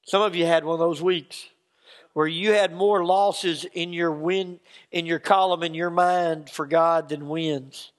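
A man's voice: fairly high pitch, steady tone, a little slow. A man preaching a sermon in a church, telling folksy stories and acting out the people in them. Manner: folksy storytelling, acts out quotes. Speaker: pastor. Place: church sanctuary. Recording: long reverb of a church hall.

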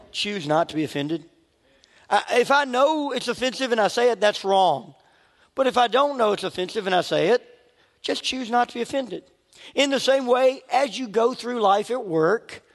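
Preaching from a church sanctuary, this middle-aged man has a high-sitting, fairly bright voice. His sermon is chatty and self-mocking, full of jokes and laughs at his own expense, with the big hall's long reverb on the recording.

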